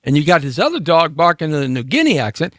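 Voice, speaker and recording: A man's voice: on the high side, very animated, fast talker, a bit bright, no echo, studio quality. A man hosting a live talk show in a casual, rambling, playful monologue, speaking directly to his listeners.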